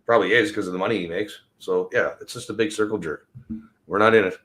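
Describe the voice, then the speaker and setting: A man's voice: lowish voice, quick pace, fairly bright tone. A man ranting casually and bluntly on a livestream, swearing often and drifting from topic to topic. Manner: profane, rambling and blunt. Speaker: livestream host.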